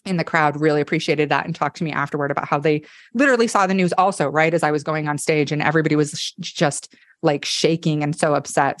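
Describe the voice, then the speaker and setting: A woman comedian with a lowish voice tells stories as a podcast guest. She is candid, animated and swears freely. The sound is dry and close. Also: fast, no room sound. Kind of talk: casual podcast storytelling.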